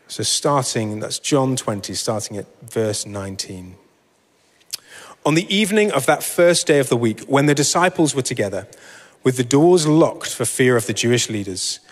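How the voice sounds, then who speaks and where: A man giving a sermon and reading scripture, relaxed and self-deprecating, with frequent fillers. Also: medium pitch, long reverb tail. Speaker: preacher.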